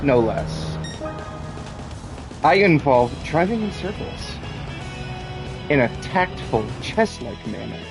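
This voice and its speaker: A man's voice: a little high, very animated, slow, creaky, long pauses, poor audio. A man commenting on his own racing game in a mock-formal, theatrical way, complaining with exaggerated drama. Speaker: gaming streamer. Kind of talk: casual gameplay commentary. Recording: game music loud behind.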